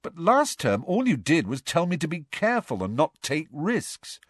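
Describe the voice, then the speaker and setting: An earnest teenage boy wizard who is quick to anger, as a man puts him on in an audiobook. The voice is pushed noticeably higher and louder than the reader's own, with lively swings in pitch. It sounds dry and close. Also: husky, dry recording, exaggerated voice. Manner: earnest, sharp. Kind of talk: audiobook character voice.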